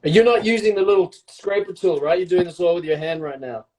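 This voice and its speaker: A man with a somewhat high voice chats on a live video call, rambling from one tangent to the next. He jokes about himself as he goes and keeps the talk light and casual. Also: fast talker, noisy background. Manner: joking, rambling, self-mocking. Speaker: co-host of a live baking stream. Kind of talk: casual live-stream chat.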